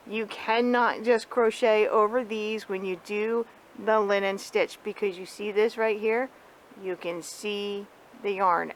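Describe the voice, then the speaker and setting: A woman's voice: mid-range voice, slight background noise, rough recording. A middle-aged woman chatting candidly to viewers about her crochet project in a casual home video. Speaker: crochet vlogger. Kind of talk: casual chat.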